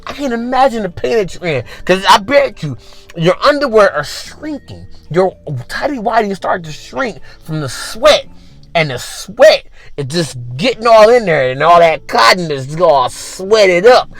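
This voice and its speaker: A man's voice: high-pitched, a little slow. A man hosting a podcast, telling a comic story as an exaggerated rant full of repeated asides. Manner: animated, exaggerated, repetitive asides. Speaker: podcast host.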